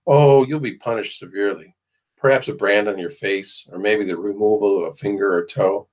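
A cruel young slaveholder from a storybook drawls his threats in a low, husky voice, mocking and possessive. He sounds calm and ominous rather than loud, as a man narrating the book voices him. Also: moderate pace, close to an everyday voice. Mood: menacing drawl.

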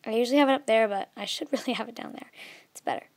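Young woman, casual tutorial voice, slightly high and close, lots of "um" and "like". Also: rapid-fire, no echo. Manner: chatty, filler-heavy, trails off softly. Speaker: video tutorial maker.

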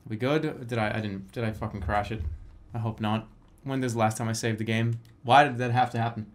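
A man streaming a video game, chatting in a rambling, excitable, self-mocking way. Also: medium pitch, fairly quick. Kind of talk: casual live-stream commentary. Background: game music.

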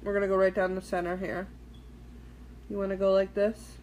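A woman's voice: medium pitch, little pitch movement, normal speed, darkish tone, slight background noise. Chatty woman doing a live makeup tutorial. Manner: chatty, loose and profane, talking to viewers while working. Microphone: phone or webcam on a live stream.

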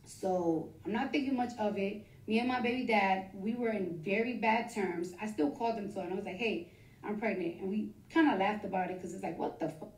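A woman casually telling a personal story, rambling and rapid, with many restarts and the odd curse. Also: mid-range voice, a little mellow. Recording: echoey, from far off the mic.

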